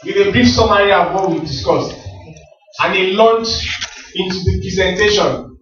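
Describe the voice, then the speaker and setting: High-voiced man preaching in an echoey hall. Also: moderate pace, fairly bright tone, soft background music. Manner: preacherly, repeats questions to the crowd and answers them himself. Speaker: motivational speaker at a business rally. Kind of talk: motivational seminar talk. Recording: very echoey hall, distant mic, dull sound.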